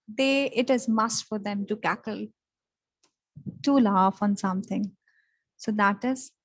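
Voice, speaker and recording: A woman with a Pakistani English accent teaching English vocabulary in an online lesson, explaining each word and repeating it slowly. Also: fairly high pitch, dull audio.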